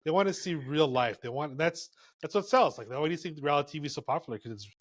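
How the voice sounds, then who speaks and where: A man, a photographer guesting on a podcast, who talks in a relaxed and frank way with lots of filler words. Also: a little high, quick pace, dry recording. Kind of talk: casual podcast chat.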